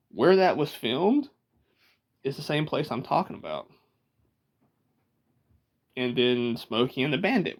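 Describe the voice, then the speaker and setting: Easygoing man, lively voice. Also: mid-range voice. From Georgia, US. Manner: laid-back, chuckling, halting restarts. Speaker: vlogger. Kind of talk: casual rambling vlog.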